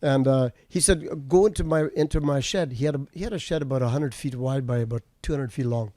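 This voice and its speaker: A male trucker telling a road story in casual chat, steady and matter-of-fact. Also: medium pitch, fairly quick, no echo. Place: studio table.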